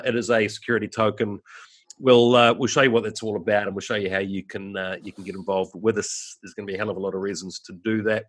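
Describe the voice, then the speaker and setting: A man's voice: fairly low pitch, a bit bright. A man hosting a casual video chat, talking loosely with many fillers and restarts. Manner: chatty, filler-heavy, frequent restarts. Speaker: host.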